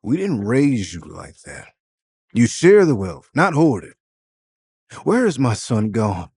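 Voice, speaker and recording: A man's voice: medium pitch, very animated, slow, darkish tone, slightly rough, no echo, heavily acted. A man voicing a stern, disappointed middle-aged father who scolds his son in an audio drama. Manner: firm, scolding.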